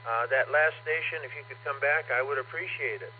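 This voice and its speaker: A man acting as net control on an amateur radio net, calling out callsigns in a relaxed, hesitant way. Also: mid-range voice, fairly quick. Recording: tinny radio audio with faint hum.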